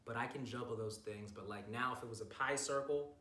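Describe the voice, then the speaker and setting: A man's voice: mid-range voice, a little fast, sharp tone. Hyped, profane young man vlogging from a distance. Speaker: bodybuilder vlogger. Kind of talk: casual recap vlog. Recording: roomy, distant from mic, faint noise.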